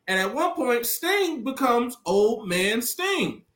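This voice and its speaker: A man co-hosting a wrestling podcast, telling stories in animated, profane casual chat and acting out quotes loudly. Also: extremely high pitch, slow pace, roomy sound. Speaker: podcast co-host.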